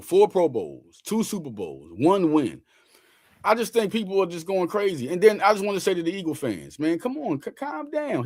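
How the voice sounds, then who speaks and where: A man's voice: a little high, no room sound, clean studio sound. A man hosting a casual sports talk show, emphatic and slangy, repeating lines for effect.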